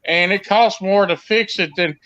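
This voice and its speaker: A man's voice: high-pitched, normal speed, sharp tone. Man rambling playfully on dull call audio. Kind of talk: casual video call chat.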